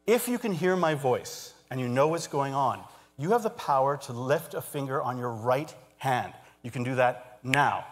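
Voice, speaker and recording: A man's voice: medium pitch, normal speed. Man hypnotist on stage, hall reverb. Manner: soothing trance suggestions mixed with lively explaining to an audience. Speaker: stage hypnotist giving a talk. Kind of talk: live stage talk with hypnosis demonstration. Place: large auditorium stage.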